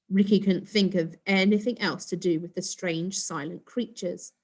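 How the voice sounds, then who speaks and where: A woman reading a children's storybook aloud in an expressive, steady storytelling voice. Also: fairly low pitch, normal speed, few pauses. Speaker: storybook reader.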